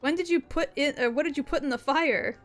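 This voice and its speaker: A young woman streaming a game, chatting casually, excitable and playful, swearing often. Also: high-pitched, a little fast, soft background music. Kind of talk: casual gaming commentary.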